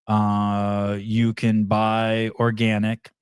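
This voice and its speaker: Low-ish, clean and totally flat, the man's voice is recorded dry as he hosts a podcast. He talks over clips in a halting, casual way full of fillers and restarts, speaking bluntly with swearing.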